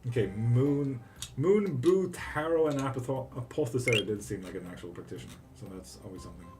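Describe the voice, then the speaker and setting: A man's voice: medium pitch, fairly quick. Laid-back, swearing male stream host. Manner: relaxed, swears freely, greets and answers chat. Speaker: tarot reader and livestream host. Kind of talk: casual live-stream chat.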